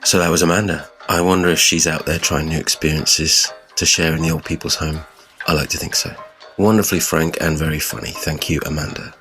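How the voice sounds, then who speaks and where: A man's voice: extremely low pitch, fairly even intonation, a little fast, a bit bright, soft background music. A man hosting a podcast, reading a closing segment and listener emails. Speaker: podcast host. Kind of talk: scripted podcast outro.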